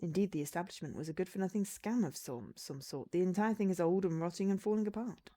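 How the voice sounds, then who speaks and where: A woman's voice: fairly low pitch, fast talker, dark tone, close to an everyday voice. A woman voicing a proud young male warrior hero in a visual novel, grand and self-assured. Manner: grand, confident, slightly pompous. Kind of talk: visual novel read-aloud.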